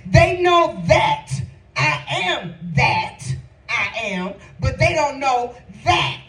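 A woman preaching a sermon, calling out questions to the congregation and breaking into half-sung shouts. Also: high voice, expressive, slow pace, creaky. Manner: emphatic call-and-response preaching, rising into half-sung shouts. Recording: echoey room, voice from far off.

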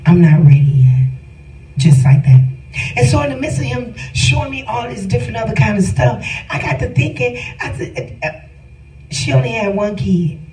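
A woman's voice: mid-range voice, dark tone. A middle-aged woman telling a personal testimony with feeling, speaking emphatically and addressing her listeners directly. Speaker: storyteller giving a testimony. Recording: roomy sound from a distant mic with faint music.

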